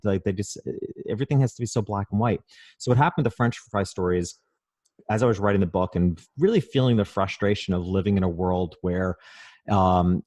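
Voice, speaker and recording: A man, a podcast guest and author, telling stories with animated enthusiasm in a casual interview. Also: on the low side, no room sound.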